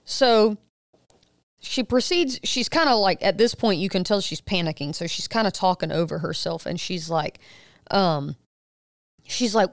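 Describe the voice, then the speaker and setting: A middle-aged woman on a podcast tells a story in a smooth, clear voice, recorded close and dry. She acts out the people she quotes with a jump up in pitch. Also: unhurried, no room sound. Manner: animated retelling, quoting others with rising pitch. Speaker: podcast co-host. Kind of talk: casual storytelling chat.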